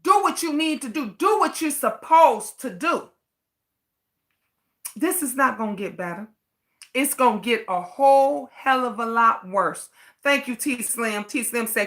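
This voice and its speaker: A woman's voice: high voice, expressive, measured pace, pushed and bright. A middle-aged woman hosting a livestream. She rants with passion, repeats her points and swears freely while reading out viewer comments. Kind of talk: impassioned livestream rant.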